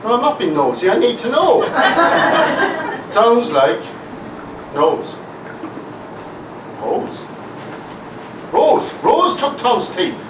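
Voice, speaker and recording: A man's voice: high-pitched, wildly swooping pitch, extremely slow, pauses often, full character voice. An Irish man acting a puzzled village doctor, coaxing and guessing aloud, in an amateur stage comedy. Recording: echoey hall, distant, loud noise.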